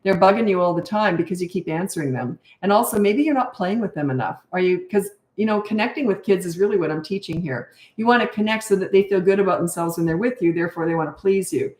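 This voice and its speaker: A woman's voice: lowish voice, fast talker, hardly any pauses, darkish tone. An older woman, a parenting coach, answering viewer questions with casual advice in a chatty, emphatic way and drifting into anecdotes. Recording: roomy echo.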